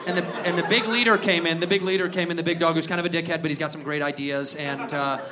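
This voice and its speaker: A man doing a profane stand-up set, now and then bursting into shouted act-outs, recorded live on a club stage. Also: on the high side, steady tone, fast talker, crowd noise, background noise. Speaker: stand-up comedian. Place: comedy club stage before a laughing crowd.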